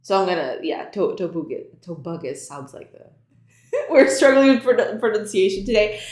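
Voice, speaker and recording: A woman's voice: mid-range voice, sing-song, normal speed, darkish tone. A young woman hosting a game development livestream, greeting viewers and chatting casually, laughing often and tripping over her words. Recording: roomy echo, faint background music.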